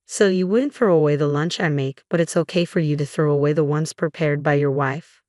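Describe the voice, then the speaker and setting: A woman's voice: low voice, steady tone, a little fast, darkish tone, no room sound, studio quality, lightly acted. A woman voicing an older male company chairman, a grandfather, who speaks in a firm, reproving way. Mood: stern.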